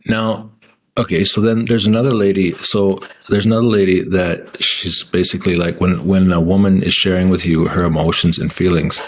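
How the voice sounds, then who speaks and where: A man's voice: deep voice, flat delivery, normal speed, a little hiss or hum. A man talking casually to camera in a rambling way, with many restarts and fillers. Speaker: vlogger.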